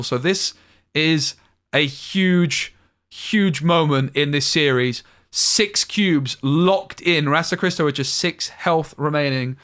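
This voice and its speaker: Brisk male esports caster, slightly high voice. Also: fairly bright tone. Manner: brisk analytical play-by-play with thinking-aloud asides. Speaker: tournament caster. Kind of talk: live esports play-by-play commentary.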